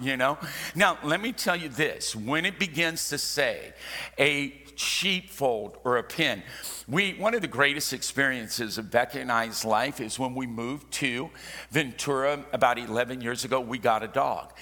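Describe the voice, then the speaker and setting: A man preaching a sermon, telling stories with jokey asides and dropping suddenly from loud to hushed. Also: medium pitch, unhurried. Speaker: pastor. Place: church sanctuary. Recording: long hall reverb.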